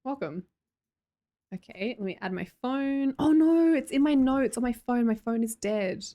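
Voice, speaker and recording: A woman's voice: a little high, normal speed, warm tone. An Australian woman, a young adult, hosting a casual livestream chat, reading chat aloud and laughing often. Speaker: livestream host.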